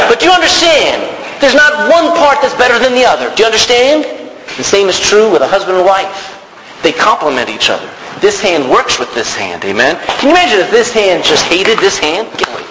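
A man's voice: sits high, wildly swooping pitch, brisk. A male preacher giving an emphatic sermon, calling out to the congregation for responses. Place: church. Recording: long hall reverb, faint noise.

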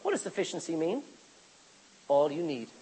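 A man's voice: on the high side, sing-song, moderate pace, mellow, poor audio. A man preaching a sermon as pastor, reading scripture aloud and calling out for amens from the congregation.

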